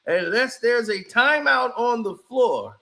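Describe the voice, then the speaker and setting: A man doing casual, animated reaction commentary on a basketball clip, mocking and shouting as he reacts. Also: extremely high pitch, takes it slowly, vocal fry. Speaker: sports commentary streamer.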